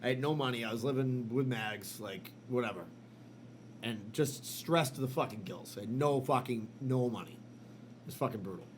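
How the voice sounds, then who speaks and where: A man co-hosting a podcast, telling a story in casual, animated chat full of swearing and fillers. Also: mid-range voice, normal speed, a little hiss or hum. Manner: animated, profane, lots of fillers. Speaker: podcast co-host.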